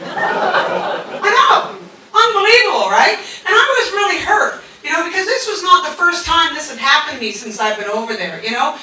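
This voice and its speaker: A woman's voice: high-pitched, animated, moderate pace, pushed and bright, recorded from a distance. A Canadian woman doing a stand-up comedy set, telling chatty, self-mocking stories with crude punchlines. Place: comedy club stage with audience. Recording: very echoey club heard from afar. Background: audience laughter and room noise.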